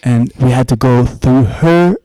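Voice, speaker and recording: A man's voice: medium pitch, a little slow, dark tone, no room sound. A man, a musician guest, telling rambling anecdotes in a casual interview chat.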